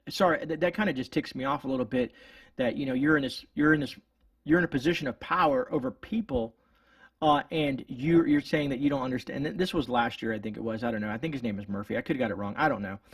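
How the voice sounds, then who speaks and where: A man's voice: medium pitch, creaky, husky, no echo, recorded from a distance. A man hosting his channel, giving indignant, rambling political commentary with many restarts. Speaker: homestead channel host.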